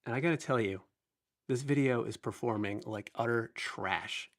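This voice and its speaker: A livestream host in his thirties greets viewers in a loose, chatty ramble, with plenty of self-deprecation. He speaks at normal speed in a mid-range, fairly bright, slightly nasal voice.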